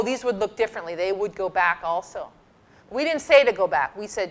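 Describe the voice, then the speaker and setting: A woman's voice: mid-range voice, expressive, a little fast, a bit bright. A middle-aged woman giving a university lecture, explaining slides in an emphatic, conversational teaching manner and answering students. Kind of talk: classroom lecture. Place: lecture hall.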